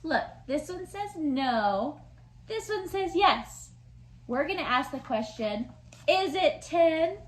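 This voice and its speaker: A woman teaching letters and sounds to young children in a slow, sing-song voice with exaggerated sounds. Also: sits high, very animated. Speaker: preschool teacher. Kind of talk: online lesson for young children. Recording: echoey room with faint noise.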